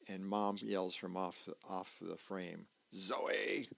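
A man reading the newspaper aloud as a volunteer for a radio reading service. His voice is low with a gravelly edge, unhurried, with the odd filler as he describes comic panels. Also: little pitch movement. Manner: plain, unhurried, with small fillers.

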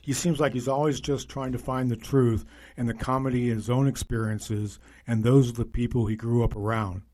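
Guy reading an article out loud, even steady delivery, mid pitch. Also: moderate pace. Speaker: narrator reading a magazine feature aloud. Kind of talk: scripted narration.

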